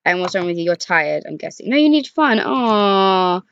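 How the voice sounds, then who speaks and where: A woman's voice: medium pitch, sing-song, moderate pace, vocal fry, a bit bright, smooth, dry recording. Brief: young woman, casual game commentary, talks to characters, dull dry home mic. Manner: chatty, talks to the game characters, frequent sighs and groans. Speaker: gaming YouTuber. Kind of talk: casual let's-play commentary. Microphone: desk microphone.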